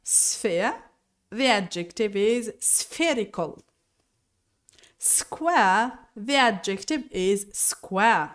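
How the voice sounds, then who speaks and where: A woman teacher explaining English vocabulary and pronunciation slowly and deliberately, sometimes correcting herself. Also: medium pitch, expressive, a bit bright. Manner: slow and deliberate, spelling out each word with self-corrections. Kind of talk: recorded lesson explanation.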